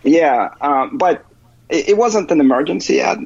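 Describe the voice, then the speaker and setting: A man's voice: a little high, lively intonation, normal speed, gravelly, husky, dry recording. A man as a guest on a podcast, calling in remotely and talking hesitantly with many fillers and restarts. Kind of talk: casual interview. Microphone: remote call. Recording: muffled remote call audio.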